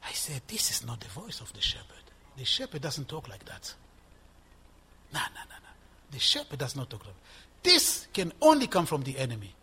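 Husky-voiced older man preaching. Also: medium pitch, wildly swooping pitch, fairly quick, bright, forceful tone. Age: 60s. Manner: emphatic, rising and dropping in volume, repeating for stress. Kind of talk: sermon.

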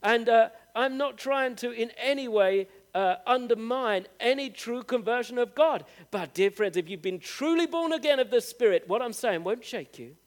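A man's voice: very high voice, animated. A man preaching a sermon, speaking earnestly and directly to his congregation, stretching out key phrases for emphasis. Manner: rises with emphatic, drawn-out phrases.

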